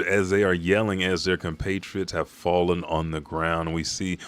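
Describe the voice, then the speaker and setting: Deep-voiced man narrating a comic casually. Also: normal speed, hardly any pauses, fairly bright tone. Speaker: manga reaction host. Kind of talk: live comic chapter read-through.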